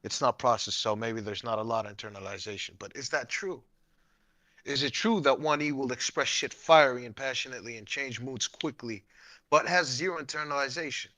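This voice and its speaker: A man's voice: mid-range voice, a little fast, sharp tone, no echo. Blunt, questioning man, dry sound. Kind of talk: casual chat.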